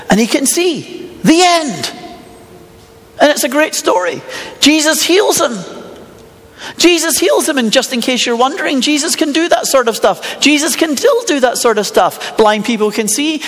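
A man's voice: high-pitched, fairly bright tone. A middle-aged man, preaching a sermon in a conversational, storytelling way and asking rhetorical questions with a touch of humour. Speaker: pastor. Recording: long hall reverb.

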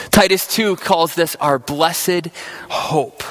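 High-voiced man preaching earnestly. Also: expressive, a little slow, fairly bright tone, low-quality recording. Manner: earnest preaching with repeated restarts. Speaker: pastor. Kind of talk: sermon.

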